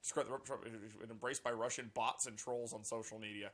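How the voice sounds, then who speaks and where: A man reading a news article aloud and reacting to it with sarcastic, profane commentary and animated outbursts. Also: mid-range voice, fairly quick. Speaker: political commentary vlogger.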